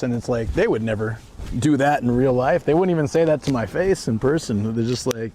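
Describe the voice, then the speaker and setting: A man chats loosely to his live-stream viewers while out and about, laughing easily between thoughts. His nose sounds a little stuffed up, and his voice sits at an ordinary middle pitch. A faint hiss of background noise runs under the recording. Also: normal speed. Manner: relaxed, chatty, laughs often. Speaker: travel vlogger streaming live. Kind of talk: casual live-stream chat. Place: walking around shops and a car outdoors.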